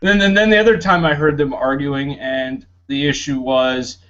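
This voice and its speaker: A man's voice: on the high side, steady tone, moderate pace, a bit bright, highs cut off. A man on a casual podcast, telling stories in a chatty way with laughs and fillers. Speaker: podcast host. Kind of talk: casual chat.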